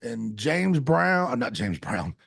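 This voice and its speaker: A man's voice: medium pitch, big pitch swings, slow, vocal fry, fairly bright tone, husky, dry recording, studio quality. A man in his forties co-hosting a podcast, chatting bluntly and teasingly about football. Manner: blunt, teasing, trails off and restarts. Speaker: podcast co-host. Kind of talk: casual sports chat.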